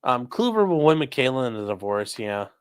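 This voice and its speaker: Animated, sarcastic man hosting a livestream. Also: medium pitch, brisk, smooth. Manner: sarcastic and blunt, swears freely; reads viewer messages aloud, with asides. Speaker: livestream host reading chat. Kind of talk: casual live commentary.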